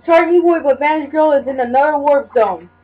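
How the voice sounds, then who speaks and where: A woman giving casual gameplay commentary, excitable and yelping at the game. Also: high voice, a little fast. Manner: excitable, shouts and yelps at the game. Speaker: gamer. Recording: dull lo-fi recording.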